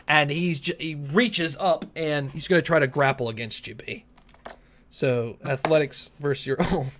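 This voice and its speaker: A man narrating a tabletop game as game master, lively and often laughing. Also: a little high, moderate pace, slight background noise.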